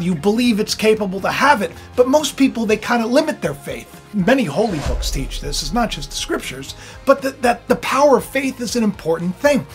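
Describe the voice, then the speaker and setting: A man hosting his own spiritual video channel. He talks in a loose, rambling monologue, full of fillers and restarts, and swings from low murmurs to loud outbursts.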